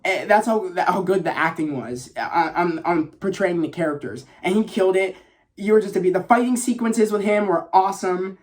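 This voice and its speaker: Speaking at a moderate pace in a voice that sits high, a man rambles excitedly through a casual spoiler film review for his vlog. He swears, restarts and uses many fillers.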